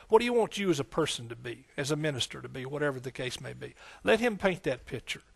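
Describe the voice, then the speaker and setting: A man preaching a sermon as pastor and Bible teacher, in a folksy, energetic style that repeats its phrases and calls out "amen". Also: fairly high pitch.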